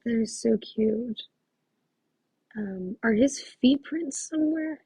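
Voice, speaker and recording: A woman's voice: fairly high pitch, lively intonation, takes it slowly, mellow, slightly rough, dry recording, low-quality recording. A woman working as a psychic medium, talking through a live reading in a gushing, exclamatory way and thinking aloud with many fillers.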